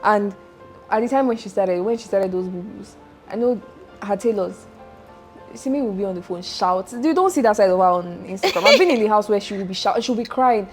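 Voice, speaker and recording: A young Nigerian woman hosts a casual interview in a mid-range voice, playful and teasing. Soft music sits faintly behind her. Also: mid-range voice, expressive, fairly quick. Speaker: podcast host.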